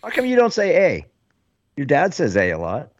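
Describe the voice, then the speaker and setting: A man's voice: fairly high pitch, huge pitch swings, normal speed, no room sound. Dry lo-fi male podcast host. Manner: joking, teasing banter with guests. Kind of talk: casual podcast chat. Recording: dull, dry lo-fi sound.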